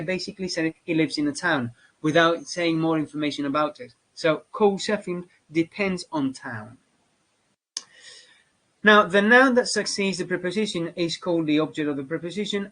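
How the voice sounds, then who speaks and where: A man's voice: a little high, fairly bright tone, low-quality recording. Hesitant man teaching English grammar. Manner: hesitant, many fillers and restarts. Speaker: English teacher for exam candidates. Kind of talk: spoken grammar lesson.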